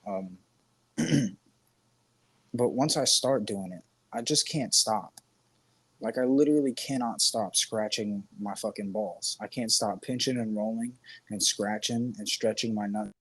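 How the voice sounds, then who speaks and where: A man co-hosting a casual podcast, spinning long crude jokes in a husky, slightly rough voice. He swears freely, restarts his sentences and breaks into laughter along the way. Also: lowish voice, a little slow, a bit bright. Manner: rambling, profane, joking, laughs often. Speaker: podcast co-host.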